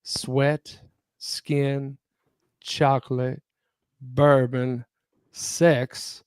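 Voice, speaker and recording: A man hosting a podcast, reading a spicy romance story aloud in a deliberate way and breaking off to joke. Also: mid-range voice, little pitch movement, a little mellow, smooth, dry recording. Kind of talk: reading spicy fiction aloud with joking asides.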